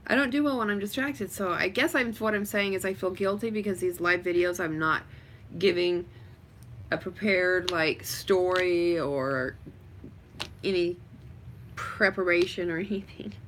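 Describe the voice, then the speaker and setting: A woman's voice: fairly low pitch, a little slow, fairly bright tone, slight background noise. A woman chatting casually on a home livestream, rambling with lots of fillers. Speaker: vlogger.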